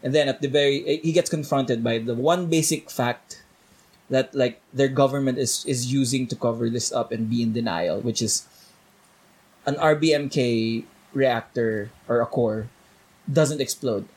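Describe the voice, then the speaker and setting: A young man chatting casually with friends, excitable, laughing often and restarting his sentences. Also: mid-range voice, unhurried, breathy edge. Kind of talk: casual chat among friends.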